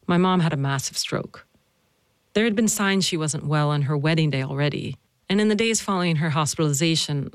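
A woman's voice: low voice, dry recording. Earnest woman narrating a family story. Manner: earnest, emotional, measured storytelling. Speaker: host and narrator. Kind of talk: narrated personal podcast with interview.

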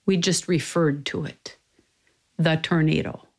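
A woman's voice: deep voice, steady tone, measured pace, rough recording. An older woman from Minnesota earnestly tells a personal family story, stopping to think and quoting others as she goes. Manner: earnest, reflective, quotes others in dialogue. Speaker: interviewee telling a family story. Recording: music bed under the voice.

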